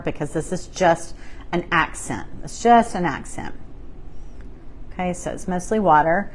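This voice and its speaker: A middle-aged woman talks through a painting tutorial, chatty and given to easy laughter. Her voice is lowish but swings widely up and down. A faint hiss of room ambience sits underneath. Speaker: craft painting host. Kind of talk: live-streamed painting tutorial chat.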